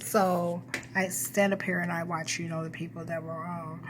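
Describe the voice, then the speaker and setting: A woman's voice: fairly low pitch, flat delivery, normal speed, background noise. A woman talking to her camera in a rambling personal monologue, musing and correcting herself as she recalls things. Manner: musing, self-correcting, recounting memories. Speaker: vlogger.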